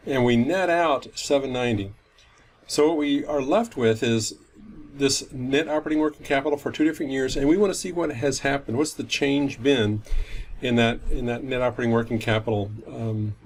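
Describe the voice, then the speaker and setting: A man's voice: medium pitch, a little hiss or hum. A man teaching finance in a recorded lecture, explaining step by step and often correcting himself mid-sentence. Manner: methodical, self-correcting explanation. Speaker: finance instructor.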